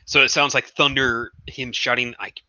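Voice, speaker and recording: Bright-voiced, animated tabletop player. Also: male voice, medium pitch, moderate pace, no room sound. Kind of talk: casual tabletop play. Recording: dull, lo-fi, dry mic.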